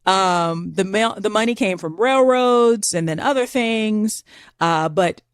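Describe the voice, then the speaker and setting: A woman co-hosting a podcast, telling a history story in an animated, chatty way. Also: medium pitch, slow, clear, resonant tone, no room sound, studio quality. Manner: chatty, animated, says "girl" and "like". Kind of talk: casual storytelling chat.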